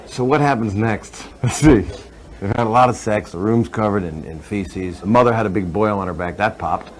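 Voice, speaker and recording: Man, comedian, crude rambling joke, chuckles as he goes, low voice. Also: moderate pace, background noise. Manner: crude, laughing through his own story, breaks off to restart. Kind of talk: rambling stand-up joke telling.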